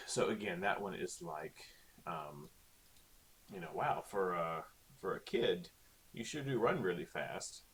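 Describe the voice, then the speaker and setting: A male teacher talking casually through a recorded online lesson, with lots of okays and ums. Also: sits low. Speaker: Spanish teacher.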